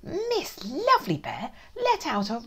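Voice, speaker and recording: A woman's voice: sits high, wildly swooping pitch, measured pace, slight background noise. A woman and children's author reading her picture book aloud, playful and dramatic, with whispered asides and sound effects.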